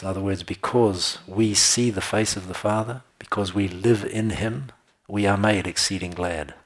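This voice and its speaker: Husky low-voiced man preaching. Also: normal speed. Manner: reads scripture aloud and comments, laughs often. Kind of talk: sermon.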